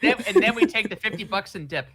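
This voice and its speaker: A man's voice: high voice, lively intonation, fast talker, crowd noise. A man co-hosting a podcast, making joking asides in casual chat. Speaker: podcast co-host.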